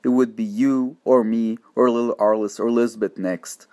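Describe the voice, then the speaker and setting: A man voicing a grieving frontier mother who speaks quietly and softly. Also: mid-range voice, fairly even intonation, moderate pace, close to an everyday voice. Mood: tearful. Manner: quiet and soft.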